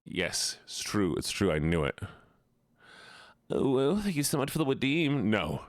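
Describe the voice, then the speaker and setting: A man's voice: medium pitch, sing-song, unhurried, dry recording, clean studio sound. A man streaming live, chatting casually with his audience in a playful, teasing way full of mock outrage.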